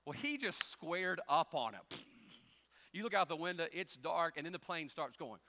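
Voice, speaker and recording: Man preaching to his church, bright higher voice, jokes around then gets loud and fired up. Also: very animated, moderate pace. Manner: swings from quiet storytelling to loud, rising preaching; folksy, humorous asides to the congregation. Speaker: pastor. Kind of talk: sermon.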